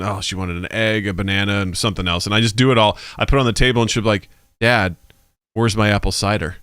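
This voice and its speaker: A man co-hosting a podcast in casual chat, an animated storyteller who acts out family voices and swears freely. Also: fairly low pitch, smooth, dry recording, studio quality. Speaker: podcast co-host.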